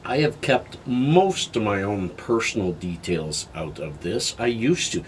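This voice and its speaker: Older man, low voice, candid vlog. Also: animated, a little hiss or hum. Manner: candid, halting, heartfelt. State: tired, emotional. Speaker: health vlogger. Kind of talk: personal vlog monologue.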